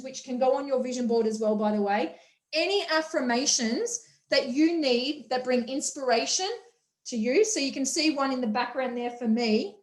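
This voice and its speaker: Energetic woman hosting a motivational workshop; high voice, echoey room. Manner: energetic, enthusiastic, acts out quotes. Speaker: workshop host. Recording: roomy echo.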